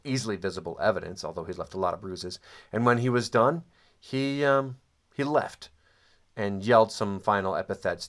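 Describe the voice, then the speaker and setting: A man with a somewhat low voice recalls his childhood in a loose, unscripted way. He halts often with ums and restarts, and now and then drops a dry, wry aside. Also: a bit bright. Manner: hesitant, many ums and restarts. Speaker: storyteller. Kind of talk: casual spoken recollection of childhood.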